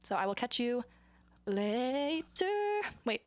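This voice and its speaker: A young woman talking in a casual vlog, rambling and excitable with dramatic outbursts. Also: fairly high pitch, quick pace, a little hiss or hum. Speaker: vlogger.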